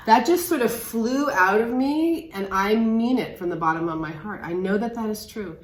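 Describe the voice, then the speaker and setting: A woman's voice: medium pitch, lively intonation, normal speed, reverberant. A woman co-hosting a crafting vlog, chatting casually with her sister in a musing way, often trailing off and restarting. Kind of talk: casual chat between sisters.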